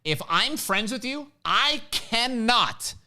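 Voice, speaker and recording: A man's voice: very high-pitched, expressive, slow pace, sharp tone, a little hiss or hum. A middle-aged man hosting a casual live-stream chat, a brash joker who tells stories and acts out the quotes. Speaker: podcast host, firearms instructor.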